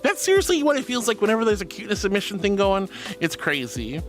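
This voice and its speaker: A woman's voice: very animated, normal speed, soft background music. A woman streamer reading out chat messages in a bubbly, affectionate way, calling her viewers sweetheart and darling. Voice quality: squeaky laugh.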